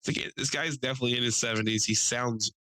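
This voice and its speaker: A man's voice: mid-range voice, fairly even intonation, fast, bright, forceful tone, no room sound, low-quality recording. A young American man telling a rambling story in casual chat, swearing and laughing often, slipping into voices. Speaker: podcast host.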